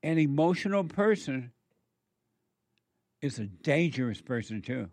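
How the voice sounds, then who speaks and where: A man giving a moralizing monologue in a slow, emphatic way, repeating words for stress. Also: mid-range voice, sing-song, a little mellow, no room sound.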